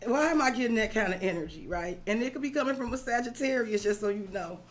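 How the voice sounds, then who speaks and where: With a slightly high voice, lively intonation, and a quick pace, a woman reads tarot on a live stream. She addresses the client head-on in casual, profane slang, checking in often by saying "right?"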